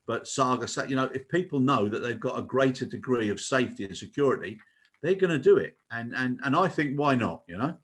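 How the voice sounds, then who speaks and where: A man's voice: mid-range voice, lively intonation, brisk, breathy edge. An older man co-hosting a podcast, chatting earnestly and making his case. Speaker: co-host. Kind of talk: casual podcast chat.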